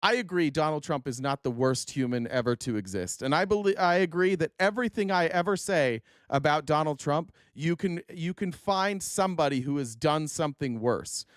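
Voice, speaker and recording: A man's voice: on the high side, lively intonation, moderate pace, few pauses, dry recording, studio quality. A man from Utah hosting a casual political livestream, reading viewers' chat comments aloud and answering them with sarcasm. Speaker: livestream host.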